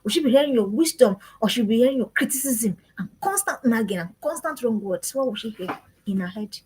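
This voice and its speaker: With a fairly high voice and lively intonation, a woman speaks a little fast during a live-streamed parenting talk. She's earnest and repeats her questions in a preaching rhythm, against a noisy background.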